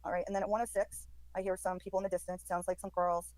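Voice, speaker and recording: A woman's voice: fairly low pitch, level tone, quick pace, darkish tone, no echo, rough recording. A woman on a live stream describing sounds she hears in a recording, hesitant and full of ums. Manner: hesitant, many ums, quoting overheard lines. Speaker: commentator describing audio.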